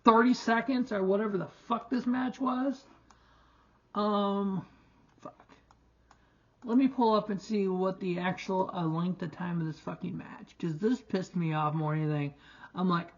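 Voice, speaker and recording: A man's voice: high voice, normal speed. Annoyed young guy cussing through a wrestling recap, dull lo-fi mic. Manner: frustrated, profane ranting with restarts. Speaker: wrestling show reviewer. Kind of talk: casual solo review, ranting.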